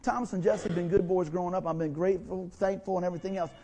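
Middle-aged pastor guy preaching in church, pretty high voice but mellow, folksy chatty way of telling stories. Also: fairly even intonation, very fast. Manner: folksy, conversational preaching with acted-out quotes. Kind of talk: sermon. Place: church sanctuary.

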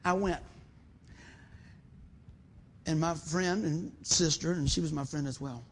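A man with a high, husky voice preaches a sermon. He tells stories with animated energy and keeps calling out to the congregation as he goes. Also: slow. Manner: animated storytelling, calls out "man" and "amen".

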